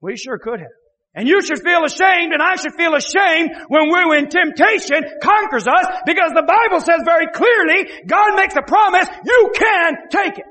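A male pastor preaching an impassioned sermon, often shouting and repeating his phrases. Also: extremely high pitch, moderate pace, hardly any pauses, big-room sound.

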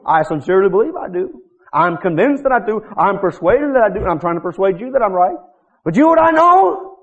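A man preaching a sermon, telling stories with animation and acting out the voices of the people in them. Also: very high voice. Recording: muffled lo-fi recording.

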